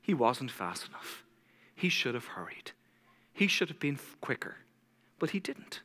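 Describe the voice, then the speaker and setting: A man's voice: mid-range voice, sing-song, a little slow, bright, forceful tone, big-room sound. A man preaching a sermon as pastor, telling stories dramatically and acting out the voices of the people in them.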